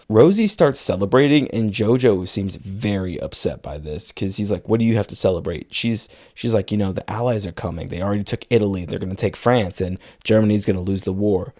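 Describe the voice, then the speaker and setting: A man co-hosts a podcast and casually recaps a film, tossing in quotes from its characters. The voice is fairly low in pitch with a dark tone, running a little fast.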